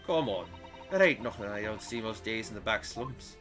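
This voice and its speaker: A man's voice: on the low side, lively intonation, normal speed, music in the background, close to an everyday voice. A man voicing a tough young street girl from the slums in an attempted Scottish accent, talking bluntly with streetwise slang, in a game playthrough. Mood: defiant. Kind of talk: video game voice-over playthrough.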